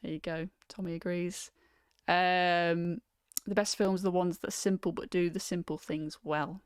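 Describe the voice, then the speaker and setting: A woman's voice: on the low side, flat delivery, moderate pace, clear, resonant tone, dry recording. Brief: woman, stream host, chatty and loose, dry close sound. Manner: chatty, reads out viewer comments, frequent ums. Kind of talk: casual chat on a livestream.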